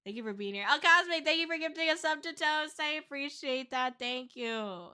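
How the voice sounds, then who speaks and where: A young woman talks to her stream viewers in a loose, candid ramble, circling back and restarting her sentences. Her voice sits a little high and sounds bright and forward. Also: animated, normal speed. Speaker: VTuber streamer. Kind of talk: casual livestream chat.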